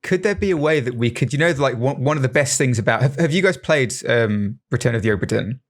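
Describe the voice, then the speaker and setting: A man co-hosting a casual podcast, explaining a game enthusiastically with halting restarts and frequent laughs. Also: mid-range voice, expressive. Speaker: podcast co-host, game developer. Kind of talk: casual chat.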